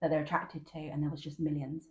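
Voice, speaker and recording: A young woman in a casual chat as podcast co-host, teasing and lively. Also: low voice, fast talker, soft background music. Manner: lively, teasing, bursts into animated outbursts. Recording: echoey room.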